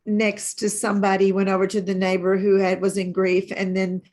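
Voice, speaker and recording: An older woman hosting an interview, speaking in a gentle, reflective way. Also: medium pitch, completely flat delivery, brisk. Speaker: host. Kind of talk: conversational interview.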